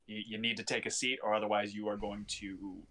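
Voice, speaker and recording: A man's voice: on the low side, flat delivery, fairly quick, pushed and bright. A man acting as game master, narrating a tabletop role-playing game in a loose, chatty way, often restarting his sentences.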